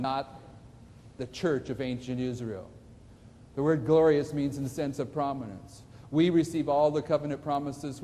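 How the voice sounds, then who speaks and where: Male preacher, mellow voice, emphatic and questioning, recorded in a long-reverb hall with faint background noise. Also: medium pitch. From United States. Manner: emphatic, asks the audience questions. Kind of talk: sermon lecture. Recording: distant echoey hall recording.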